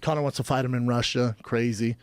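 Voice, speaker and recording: A man's voice: medium pitch, fairly quick, no echo. A man in his thirties, a podcast co-host, telling a story in casual chat and acting out the quoted back-and-forth. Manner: animated, acts out quoted exchanges.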